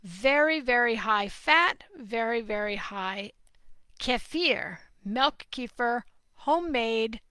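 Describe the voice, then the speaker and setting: A middle-aged woman from New Jersey hosts a live question-and-answer stream. She talks slowly and deliberately, in a bright, slightly high voice. She is animated, emphatic and openly opinionated, and the sound is close and dry. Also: smooth, dry recording. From New Jersey, USA. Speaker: nutrition consultant answering viewer questions.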